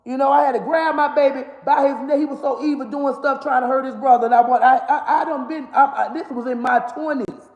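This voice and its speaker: A woman in her forties talks straight to the camera with blunt, profane candor. She cusses freely and breaks into laughter even while scolding. Her voice rings through a hard, echoey room that leaves a long reverb tail. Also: high-pitched, a little fast, hardly any pauses, muffled recording. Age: 40s. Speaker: comedian and mother. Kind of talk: candid monologue to camera.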